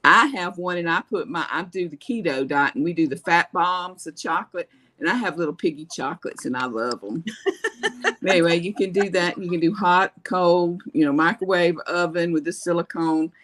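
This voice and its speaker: Chatty, homey woman with a lowish voice. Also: normal speed, fairly bright tone. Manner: chatty and homey, trails off into asides. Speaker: co-seller on a live sale. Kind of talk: casual live-stream sales chat.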